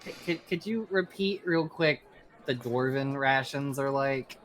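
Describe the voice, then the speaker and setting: A man's voice: mid-range voice, crowd noise, close to an everyday voice. A man voicing a casual harpy woman. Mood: reasonable. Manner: casual, reasonable, a bit halting. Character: sensible female harpy adventurer.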